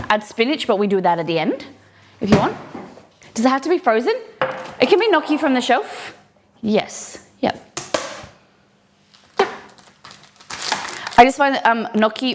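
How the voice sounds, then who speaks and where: A woman's voice: medium pitch, noisy background. An Australian woman streaming while she cooks, chatting casually and answering viewers' comments as she goes. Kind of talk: live-stream cooking chat.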